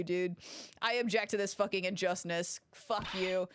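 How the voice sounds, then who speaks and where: A woman playing a courtroom video game, reading its dialogue aloud and reacting with loud, profane outrage. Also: on the low side, fairly even intonation, moderate pace, clear, resonant tone. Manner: swears and shouts in outraged reactions. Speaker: let's-play gamer. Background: game music.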